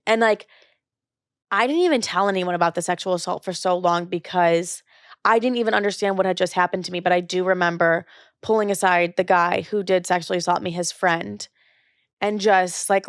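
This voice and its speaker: A young woman hosts her own podcast, speaking in a loose, chatty monologue full of "like" and frank swearing. Her voice sits at an ordinary pitch for a woman. The sound is close and dry, with no room around it. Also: fairly even intonation, brisk, no room sound. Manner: candid and blunt, swears freely; chatty with frequent "like" fillers. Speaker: podcast host.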